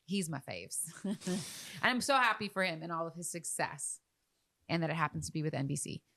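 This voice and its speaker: A woman's voice: deep voice, lively intonation, a little fast, pushed and bright. A woman co-hosting a podcast in casual, playful chat, teasing her co-host and laughing often.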